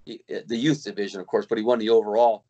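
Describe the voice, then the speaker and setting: A man's voice: fairly low pitch, little pitch movement, quick pace, dark tone. A middle-aged man, a kayak fishing guide, telling a long story in casual chat with many restarts and acted-out quotes.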